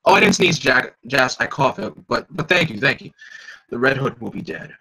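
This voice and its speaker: A man's voice: medium pitch, animated, normal speed, creaky, bright, forceful tone, low-quality recording. A man reading a comic aloud live, chatty, stopping often to comment and joke. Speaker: reader.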